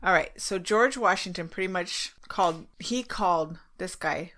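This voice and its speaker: A woman's voice: lowish voice, moderate pace, a bit bright. A woman co-hosting a podcast, telling a ghost story casually and laughing, swearing freely. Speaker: podcast co-host.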